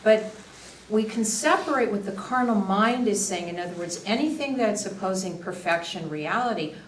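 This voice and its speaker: A woman speaking at a faith workshop, reflecting earnestly with quick restarts, recorded from a distance in an echoey room. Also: medium pitch, lively intonation. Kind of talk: faith reflection to a small group. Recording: echoey room from a distance, faint background noise.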